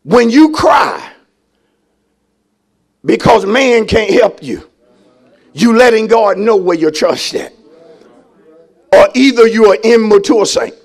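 Male pastor, high voice, slow drawn-out delivery, calls to the congregation and shouts for emphasis. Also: expressive. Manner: preaching with call-and-response, shouting emphasis. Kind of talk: call-and-response sermon.

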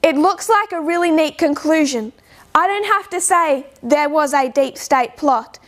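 Woman with a high voice giving a talk, slows right down on the key bits, lots of rhetorical questions. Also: animated. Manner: measured, slows down to stress points. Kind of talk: informal lecture.

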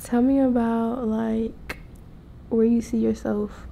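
A woman's voice: a little high, little pitch movement, slow pace, gravelly, dark tone. A young woman chatting casually as a vlog guest, teasing and giggling.

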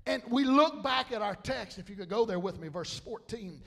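Male pastor preaching, pitched high, building to loud rises. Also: lively intonation, normal speed, creaky. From South Louisiana. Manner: preaching with loud rises and fillers like amen and hallelujah. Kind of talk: sermon.

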